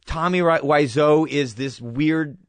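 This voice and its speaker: A man's voice: on the high side, slow, no echo. A man in his thirties, a guest in a casual interview, talking earnestly and reflectively and telling stories with quoted dialogue.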